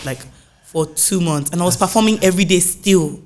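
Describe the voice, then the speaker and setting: A young woman from Nigeria, a singer, telling stories in a chatty, animated way in a casual interview. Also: lowish voice, brisk, a little hiss or hum. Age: young adult. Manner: chatty, animated storytelling, frequent "like" fillers.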